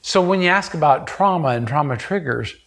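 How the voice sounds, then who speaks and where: A man's voice: animated, a little fast, fairly bright tone. A middle-aged man speaks as a therapist in an earnest, conversational way. He tells stories from his practice and lifts his voice to act out what others said. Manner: earnest, acts out quoted voices with rising pitch. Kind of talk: conversational storytelling.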